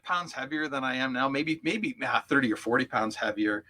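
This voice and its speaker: A man's voice: medium pitch, animated, fairly quick, few pauses, sharp tone. A man, a coach, recounting personal memories as an interview guest, heartfelt and reflective, with frequent fillers. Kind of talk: storytelling in an interview.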